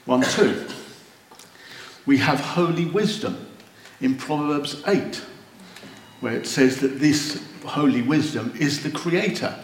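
A man preaching a sermon, slow and earnest, rising to wondering exclamations. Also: on the high side, animated. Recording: roomy echo.

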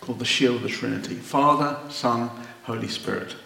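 A man preaching a sermon, slow and earnest, rising to wondering exclamations. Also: mid-range voice, creaky, pushed and bright. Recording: roomy echo.

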